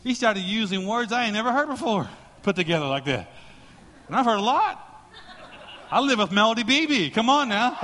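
Bright-voiced pastor preaching with reverb. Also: male voice, high voice, moderate pace, pauses often, a little hiss or hum. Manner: storytelling, joking, animated preaching. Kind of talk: sermon.

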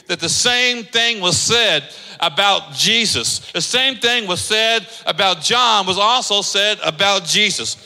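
A man's voice: high-pitched, unhurried, pushed and bright, long reverb tail, low-quality recording. A man preaching a sermon as pastor, emphatic and calling on the congregation to read along. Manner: emphatic, leads the congregation in reading aloud.

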